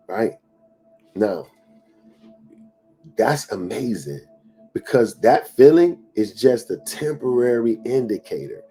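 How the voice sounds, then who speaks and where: A man's voice: expressive, takes it slowly, pauses often, dark tone, soft background music. A middle-aged man giving an emphatic motivational talk, repeating phrases for emphasis and sometimes dropping to a whisper. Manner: emphatic preaching with repetitions; drops to a low whisper acting out inner doubts. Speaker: motivational speaker.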